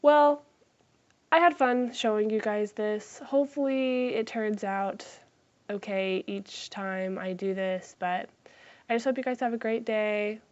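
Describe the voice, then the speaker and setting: A woman's voice: medium pitch, measured pace, highs cut off. A woman chatting casually in a craft vlog, self-deprecating and swearing freely, sometimes dropping to a whisper. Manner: drops into whispers for asides. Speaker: craft vlogger.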